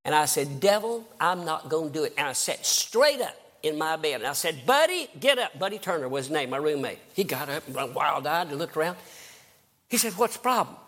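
A man's voice: fairly high pitch, a little fast, fairly bright tone. An older man preaching a fervent sermon, telling his own conversion story and rising to emphatic outbursts. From American South. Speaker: evangelist preacher.

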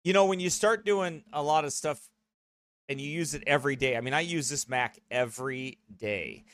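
A man's voice: a little high, normal speed, fairly bright tone, no room sound. A man who pastors, chatting casually with his streaming congregation in a rambling way, full of restarts, speaking close to a desk mic beside his streaming computer.

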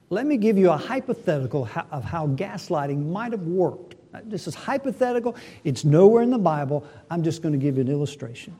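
A middle-aged man preaching a sermon, swinging between emphatic and hushed delivery. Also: on the high side. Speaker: pastor.

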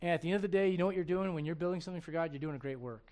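A man's voice: on the high side, racing, a little mellow. A middle-aged man preaching a sermon, acting out quoted voices and laughing at his own jokes. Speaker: pastor.

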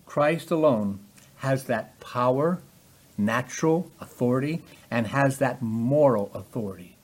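A man preaching a sermon with emphatic delivery that rises in pitch and volume on key points. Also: expressive, a little slow.

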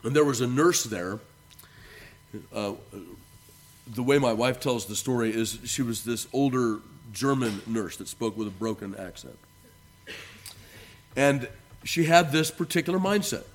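A male pastor delivering a sermon in a mid-pitched voice. He leans hard into important words and lets the ends of phrases fall away softly. When he reads scripture, his voice climbs and declaims. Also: animated, measured pace, long pauses. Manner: earnest preaching, rising for emphasis and dropping soft at phrase ends.

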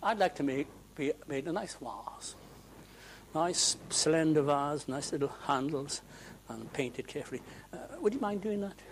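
A man voicing a vain, polite talking lump of clay that asks in a soft half-whisper to be made into a vase. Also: on the high side, lively intonation, unhurried, slight background noise, low-quality recording. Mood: pleading.

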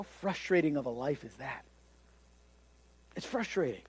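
High-voiced animated male preacher. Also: unhurried, pauses often, slightly rough, no room sound. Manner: animated, acts out quoted voices, repeats words when excited. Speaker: pastor. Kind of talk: sermon.

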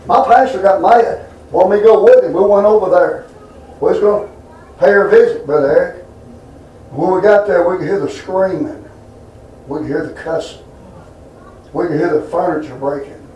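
High-voiced preacher in echoey church. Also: male voice, moderate pace, long pauses, warm tone, distant mic, a little hiss or hum. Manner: folksy down-home preaching with congregation call-and-response. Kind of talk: sermon. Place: church sanctuary.

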